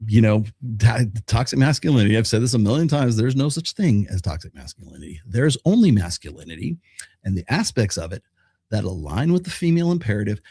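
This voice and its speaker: A man's voice: lowish voice, a little mellow, breathy edge, no room sound, clean studio sound. A middle-aged man hosting a podcast, delivering a blunt, profane monologue full of rhetorical questions and restarts. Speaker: podcast host.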